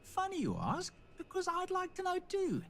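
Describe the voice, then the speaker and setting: Game shopkeeper, high voice, lively swings, good-natured, wry, faint background hiss. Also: male voice, moderate pace, heavily acted. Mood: friendly. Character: friendly male shopkeeper, easygoing and principled. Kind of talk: video game dialogue.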